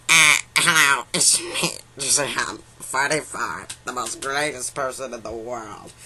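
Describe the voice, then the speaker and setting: An online creator rambling comically, jumping between nonsense syllables, repeated words, sudden shouts and mock-serious lines. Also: medium pitch, slow pace, hardly any pauses. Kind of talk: random comedic rambling and noises.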